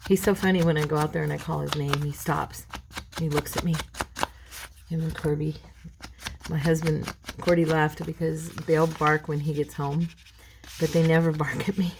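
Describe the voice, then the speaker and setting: A middle-aged woman hosting a crafting video at home, chatting casually and rambling between tasks, clearing a frog in her throat. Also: sits low, flat delivery, moderate pace, noisy background. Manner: rambling, chatty, addresses viewers as girls. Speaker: craft channel host.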